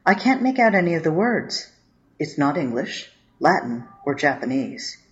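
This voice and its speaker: A woman's voice: deep voice, sing-song, normal speed. A woman voicing an earnest, easily awed young man in a narrated story. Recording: dull lo-fi audio.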